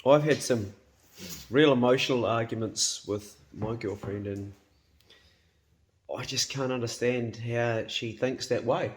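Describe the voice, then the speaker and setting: A man's voice: medium pitch, unhurried, a little hiss or hum. A New man in his fifties chatting casually to camera in his home kitchen, blunt, swearing freely and laughing easily. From New Zealand. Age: 50s. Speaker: hunting and cooking vlogger.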